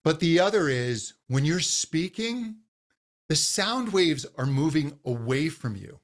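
Male voice coach guest, patient and explanatory, fairly high pitch. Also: sing-song, a little slow. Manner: patient, explanatory, demonstrates vocal exercises. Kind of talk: podcast interview, explaining and demonstrating.

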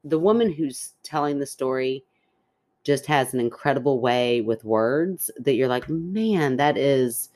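A woman's voice: very deep voice, measured pace, a little mellow. A woman co-hosting a podcast in casual chat, teasing her co-host with skeptical banter and reading out listener letters.

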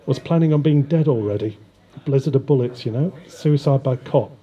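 A man's voice: medium pitch, moderate pace, dark tone, slightly rough, highs cut off, close to an everyday voice. A man voicing a wounded male killer who taunts the detectives with wry amusement. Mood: mocking.

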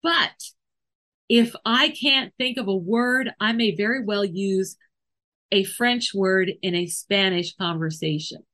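A woman's voice: mid-range voice, takes it slowly, sharp tone. A woman podcast host who trains animals, explaining things thoughtfully and working through examples with small restarts. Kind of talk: casual explanatory podcast talk.

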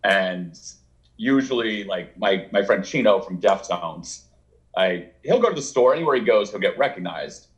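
Lower-voiced man telling stories. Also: normal speed. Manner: rambling, animated, acts out quotes with laughs. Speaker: author guest. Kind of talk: storytelling in a casual interview.

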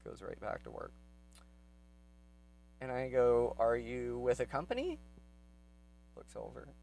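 Casual male storyteller, gravelly, lots of ums, gets worked up and speeds up. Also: mid-range voice, sing-song, darkish tone, soft background music, low-quality recording. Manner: rambling, lots of fillers, grows heated and fast when retelling his anger. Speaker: vlogger telling a personal story.

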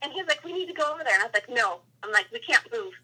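A woman telling a hunting story in a casual, animated way, acting out quotes and animal calls as she goes. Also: fairly high pitch, very fast, breathy edge, poor audio.

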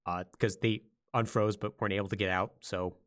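A man co-hosting a podcast, retelling a game's story in a loose, animated way and acting out the lines of its characters. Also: on the low side, fairly quick, clear, resonant tone. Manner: animated storytelling, acts out quotes. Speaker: podcast co-host. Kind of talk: casual podcast chat.

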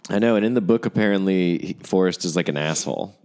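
Deep-voiced man in rambling chat. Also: fast, darkish tone. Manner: rambling, hesitant, many restarts. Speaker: podcast co-host. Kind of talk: casual chat.

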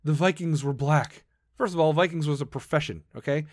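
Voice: mid-range voice, a little fast, darkish tone, no echo. Profane, combative podcast ranter. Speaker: podcast host. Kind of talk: political rant.

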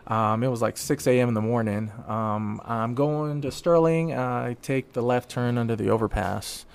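Gravelly man in his late twenties. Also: medium pitch, normal speed. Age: late 20s. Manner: animated, swears freely, many fillers. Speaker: podcast guest. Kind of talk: casual storytelling.

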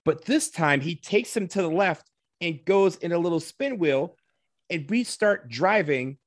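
A man telling a comedic personal anecdote, animated, swearing casually and acting out what people said. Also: on the high side, dry recording, clean studio sound.

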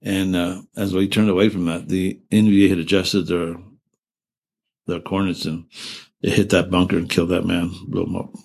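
A low, deep-voiced older man recounting his war service in a loose, meandering way. He swears freely, drops sentences halfway to start over, and breaks into laughter at the darkest moments. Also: flat delivery, normal speed, gravelly, darkish tone. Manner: rambling, profane, trails off and restarts; laughs through grim memories. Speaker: veteran interviewee. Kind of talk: oral history storytelling.

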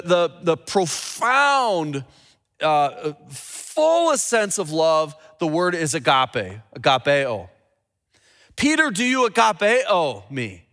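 Bright high-voiced man preaching a sermon. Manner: earnest teaching, drops low and slow for quoted scripture; repeats and restarts words when building a point. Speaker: pastor.

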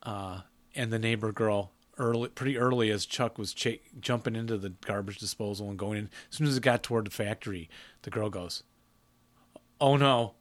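A middle-aged man co-hosting a casual film chat, chatty and quick to laugh, acting out movie lines as he recaps. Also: lowish voice, steady tone. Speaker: podcast co-host.

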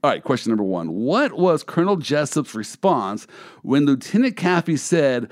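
Playful joking man with lively pitch. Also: moderate pace. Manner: playful, joking, laughs often. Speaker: podcast host, lawyer. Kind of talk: casual interview chat.

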